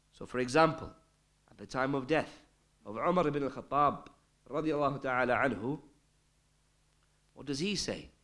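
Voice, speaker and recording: A man's voice: mid-range voice, fairly bright tone. Emphatic male Islamic lecturer. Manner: emphatic, rising and falling delivery, quotes Arabic texts. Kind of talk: religious lecture.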